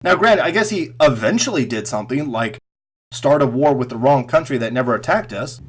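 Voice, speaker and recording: A man giving an angry, profane political rant straight to camera, sarcastic and mocking, swinging between loud outbursts and muttered asides. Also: mid-range voice, animated, fairly quick, breathy edge. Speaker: political commentary vlogger.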